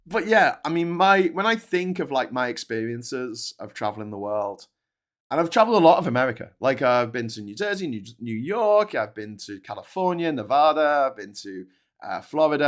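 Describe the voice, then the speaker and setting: A man's voice: medium pitch, big pitch swings, brisk. A British man hosting a live stream, chatting casually and rambling, with lots of restarts and asides. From Britain. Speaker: host of a live stream show.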